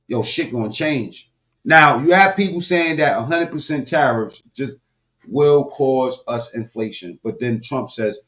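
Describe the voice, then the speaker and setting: Guy ranting on camera, cussing a lot, gets loud then drops low, talks right at his viewers. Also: measured pace. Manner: animated, loud swings, heavy swearing, talks to viewers directly. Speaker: political commentary vlogger. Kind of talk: profane ranting commentary.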